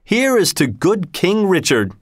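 A man voicing a bold, cheerful outlaw leader in a storybook reading, speaking in a jaunty, mocking way with a raised pitch. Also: lively intonation, unhurried, no echo, clean studio sound, lightly acted. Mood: proud.

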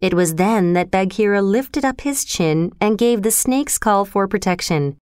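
A woman narrating a storybook in a calm, expressive reading. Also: medium pitch, a little slow, smooth, dry recording, clean studio sound.

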